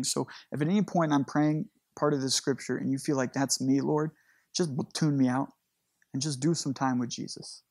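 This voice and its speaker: A man with an American accent, a pastor giving an earnest, emotional sermon and closing by reading scripture slowly and deliberately. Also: medium pitch, no echo, studio quality.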